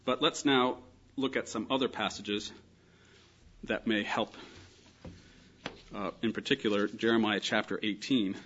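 A man's voice: on the low side, fairly even intonation, measured pace, pauses often, fairly bright tone, lo-fi sound, slight background noise. A man giving a thoughtful, explanatory Bible lesson, stressing key points with emphasis. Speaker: Bible teacher. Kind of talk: lecture on scripture.

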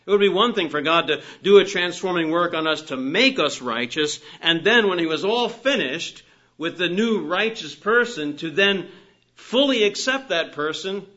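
A man preaching a sermon, earnest and emphatic, lifting his voice on key phrases and dropping soft at the ends of sentences. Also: sits high, lively intonation, moderate pace. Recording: dull lo-fi recording.

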